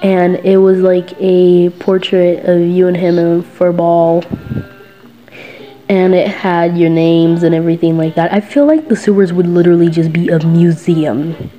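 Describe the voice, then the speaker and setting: A woman's voice: fairly low pitch, fairly even intonation, measured pace, muffled recording, faint music behind. A woman casually narrating a fan role-play story, chatty and giggly with many fillers and self-corrections.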